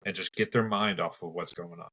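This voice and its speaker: A man's voice: sits low, steady tone, fairly quick, pushed and bright, breathy edge, rough recording. A man hosting a medical podcast, telling field stories in a conversational, practical way. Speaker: podcast host and paramedic. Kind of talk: casual podcast discussion.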